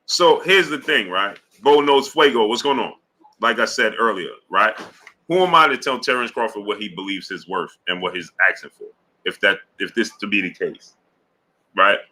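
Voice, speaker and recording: A man hosting a boxing livestream in loose, casual chat, with a very bright, forceful voice that sits fairly low. He keeps greeting viewers by name and circling back to the same pitch. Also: moderate pace. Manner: hypes and shouts out chat names; repeats a call to subscribe.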